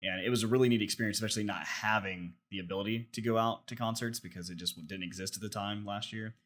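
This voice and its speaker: A man's voice: on the low side, steady tone, fast talker, a bit bright. A man co-hosting a podcast, telling a long story in casual chat, full of fillers and restarts. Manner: rambling, filler-heavy storytelling. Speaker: podcast co-host.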